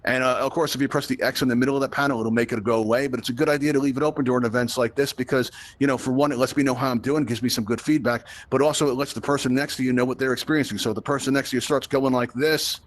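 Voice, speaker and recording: A man's voice: mid-range voice, steady tone, racing, few pauses. A man from Brooklyn hosting a live virtual reality tutorial. He is chatty and joking, and often checks in with the audience by asking "right?". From Brooklyn, United States. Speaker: virtual reality event host and instructor.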